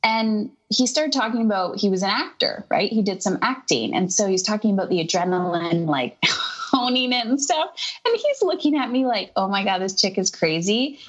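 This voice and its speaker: This podcast guest, a woman in her thirties, shares a personal story in casual talk, bringing its characters to life with lively voices for herself and others. Her medium-pitched voice moves at a moderate pace, and the audio sounds dull.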